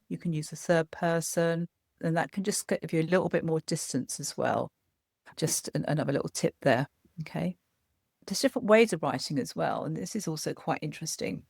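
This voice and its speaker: A woman therapist, gently explaining practical tips in a podcast conversation. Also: low-pitched, creaky, no room sound, clean studio sound. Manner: gentle, explanatory, frequent "as well". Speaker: psychotherapist guest.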